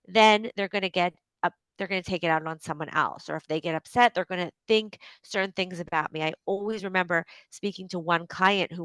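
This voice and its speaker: Woman, Canadian accent, lowish voice, chatty and reflective, dry close recording. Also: dry recording. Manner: conversational, many "like" fillers, gentle and reflective. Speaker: podcast host and coach. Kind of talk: solo podcast talk, advice.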